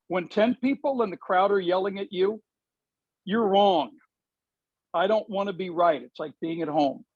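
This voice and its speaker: A man with a somewhat high-pitched voice tells a self-deprecating story about refereeing. He is animated and jokey, a self-described loudmouth. The sound is dull, muffled and dry. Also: dry recording. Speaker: soccer referee. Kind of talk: storytelling at a meeting.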